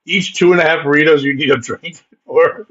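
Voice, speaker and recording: A man's voice: fairly high pitch, normal speed, a bit bright, breathy edge. A man hosting a comedy podcast, rambling and cursing, laughing often at his own bits. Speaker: podcast host. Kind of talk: casual comedic chat. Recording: dull lo-fi sound.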